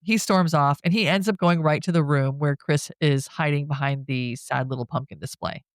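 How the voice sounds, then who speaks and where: Woman podcast co-host, lowish voice, chatty and giggly, dry close mic. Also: moderate pace, dry recording. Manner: laughs often while retelling a plot, animated. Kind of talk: casual movie recap chat.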